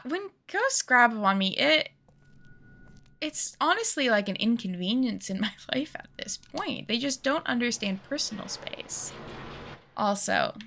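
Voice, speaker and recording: A woman streamer chatting casually while she plays a game, talkative and self-mocking and quick to laugh. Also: medium pitch, creaky, pushed and bright. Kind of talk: casual live-stream chat while gaming.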